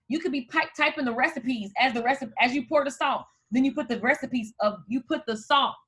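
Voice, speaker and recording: Upbeat woman coach, bright and high-voiced, hyping up viewers live. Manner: energetic, hyped, addresses viewers as "you guys". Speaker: host and coach. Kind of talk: live video tutorial.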